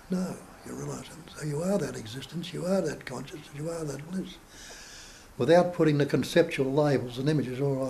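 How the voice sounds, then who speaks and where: A man, a spiritual teacher, giving a measured talk to a small group and posing rhetorical questions as he explains. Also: mid-range voice, dark tone, a little hiss or hum, low-quality recording.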